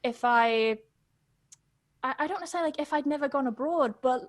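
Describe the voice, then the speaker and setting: A young woman, a podcast guest telling her story in a chatty, quick way and laughing often. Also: high voice, no echo, studio quality. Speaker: podcast guest, English pronunciation teacher. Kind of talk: casual storytelling interview.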